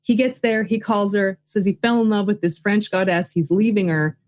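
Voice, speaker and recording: A woman's voice: medium pitch, fairly even intonation, moderate pace, a little mellow. Enthusiastic woman on a dull line. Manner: enthusiastic, rambling with many fillers. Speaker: guest, filmmaker and writing coach. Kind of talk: casual interview chat.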